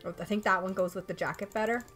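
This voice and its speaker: A young Irish woman chatting casually through a game livestream, excitable and talking to her viewers and the game characters. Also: mid-range voice, quick pace, soft background music. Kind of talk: casual let's play commentary.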